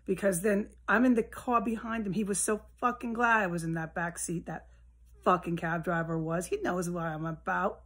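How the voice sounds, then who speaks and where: A woman rambling alone at home in a solo monologue, swearing often and drifting between low mutters and heated outbursts. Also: steady tone, normal speed, fairly bright tone. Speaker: vlogger. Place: at home, indoors with a window open.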